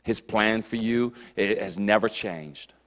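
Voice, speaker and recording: A man preaching a casual, animated youth sermon in a church, joking and slipping into quick character voices. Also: fairly low pitch. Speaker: youth pastor. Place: church hall. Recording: long hall reverb.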